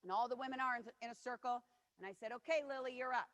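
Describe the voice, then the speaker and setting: A woman's voice: on the high side, quick pace, fairly bright tone. A woman in her forties giving a motivational keynote, telling personal stories in an earnest, personal way. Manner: personal, earnest, acts out quotes of others. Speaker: keynote speaker. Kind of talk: motivational storytelling speech. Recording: long hall reverb.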